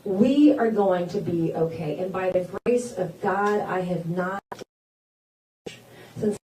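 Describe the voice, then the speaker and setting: A woman's voice: fairly low pitch, slow, dark tone, slight background noise. Folksy woman speaking in an echoey hall. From South Carolina. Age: 40s. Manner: folksy, personal storytelling that builds to rousing declarations. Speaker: politician at a campaign town hall. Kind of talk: campaign stump speech. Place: event hall with an audience. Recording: echoey hall, voice caught from a distance.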